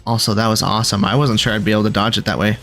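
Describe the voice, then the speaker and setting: A man's voice: lowish voice, level tone, racing, a bit bright, soft background music. A man casually commenting on his own gameplay as he plays, thinking aloud and reacting with sudden exclamations. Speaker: gaming video creator.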